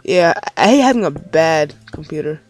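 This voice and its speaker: A man's voice: a little high, lively intonation, normal speed, faint music behind. A man giving rambling let's play commentary on his game, easily frustrated and swearing often. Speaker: gaming commentator.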